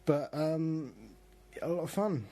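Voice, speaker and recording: A man's voice: a little high, takes it slowly, dark tone. A man co-hosting a casual podcast, rambling with lots of fillers and restarts. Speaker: podcast co-host.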